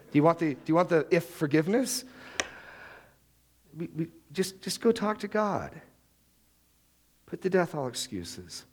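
A man's voice: on the high side, very animated, moderate pace, pauses often. A married man preaching a sermon, acting out the prayers and excuses he quotes. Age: adult, married. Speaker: pastor.

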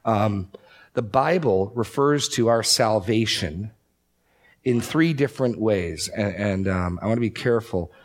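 A man teaching a Bible class in a conversational, emphatic way with quick asides. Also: lowish voice. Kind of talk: teaching talk.

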